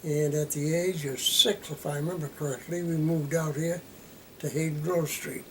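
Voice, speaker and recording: A man's voice: fairly high pitch, steady tone, normal speed, slight background noise, rough recording. An older man from Massachusetts, recalling his boyhood in a plain-spoken, wry way during an oral history interview at home. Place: living room at home.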